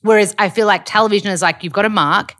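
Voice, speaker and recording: A woman's voice: medium pitch, a bit bright. A woman hosting a podcast, chatting casually and eagerly agreeing with her guest. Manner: eager, agreeable, quick to affirm. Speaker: podcast host. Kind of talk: casual interview chat.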